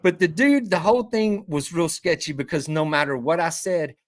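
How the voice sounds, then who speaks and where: A man's voice: on the high side, normal speed, no room sound, clean studio sound. Man telling a fishing story. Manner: animated storyteller who acts out quoted dialogue. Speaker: fishing guide. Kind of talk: casual storytelling.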